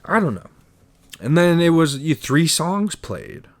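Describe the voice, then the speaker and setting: A man's voice: a little high, big pitch swings, unhurried, no echo. A man hosting a solo podcast, rambling in a meandering, profane stream of consciousness. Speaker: podcast host.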